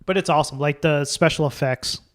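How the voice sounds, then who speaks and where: A man's voice: a little high, a little fast. A man co-hosting a podcast, chatting casually about films and swearing freely. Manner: swears freely, offhand film commentary. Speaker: podcast co-host. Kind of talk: casual chat.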